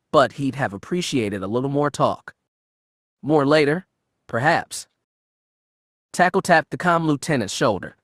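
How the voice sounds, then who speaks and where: A man's voice: mid-range voice, a bit bright, no room sound, clean studio sound. A man reading a science-fiction audiobook aloud, shading his voice a little for each character. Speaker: audiobook narrator. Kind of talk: scripted audiobook narration.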